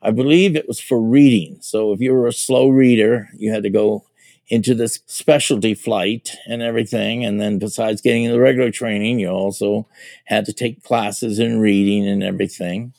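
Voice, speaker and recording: Older man with a gravelly voice. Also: on the low side, fairly even intonation, moderate pace, a little mellow, no room sound. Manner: rambling storyteller, frequent fillers and restarts. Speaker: veteran telling his life story. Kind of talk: casual spoken memoir.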